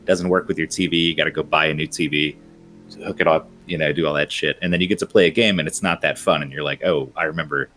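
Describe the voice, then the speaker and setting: A man co-hosting a live gaming podcast, riffing in quick, joking bits. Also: a bass voice, fairly even intonation, a bit bright, a little hiss or hum. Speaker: podcast co-host. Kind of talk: casual gaming podcast chat.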